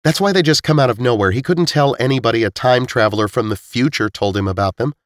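A male narrator voicing an eager, quick-thinking young woman in a storybook reading. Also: mid-range voice, dry recording, studio quality, pitched above the performer's own voice, lightly acted.

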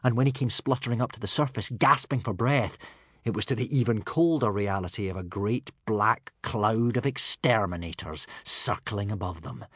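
Expressive male narrator, husky, dry close sound, lively dramatic delivery. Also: on the low side, normal speed, no echo. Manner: dramatic, dropping to a hush for suspense. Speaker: audiobook narrator.

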